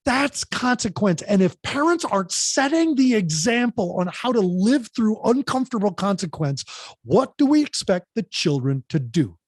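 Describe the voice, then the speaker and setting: A man's voice: high voice, very animated, normal speed, husky, dry recording, studio quality. Emphatic plain-spoken man giving advice. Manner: emphatic, plain-spoken, acts out what parents say. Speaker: parent coach guest. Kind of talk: podcast interview advice.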